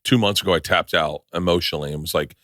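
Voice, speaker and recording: A man hosting a laid-back podcast, his voice low and recorded close and dry. he talks in halting bursts, often restarting mid-sentence, and swears casually. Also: fairly even intonation, fairly bright tone, no echo. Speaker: podcast host.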